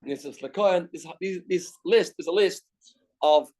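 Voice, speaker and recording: Man, Canadian accent, Talmud teacher, fairly high voice, reads Aramaic and explains in English, repeats key phrases. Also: normal speed, a little mellow, poor audio. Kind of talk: daily Talmud class.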